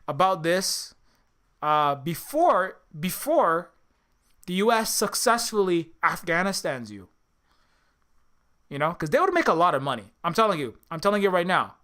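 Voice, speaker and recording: A man rants about politics with constant swearing, wandering asides and stumbling restarts. His voice is high and bright, and the delivery stays loose and heated. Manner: profane, rambling, many restarts. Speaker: indie game developer and commentator. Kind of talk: ranting political commentary.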